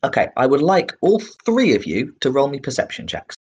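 A man narrating as game master in a relaxed, rambling way with many fillers. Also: medium pitch, fairly quick, breathy edge, lo-fi sound.

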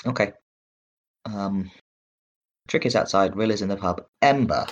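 A man narrating as game master in a relaxed, rambling way with many fillers. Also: lowish voice, a little slow, highs cut off.

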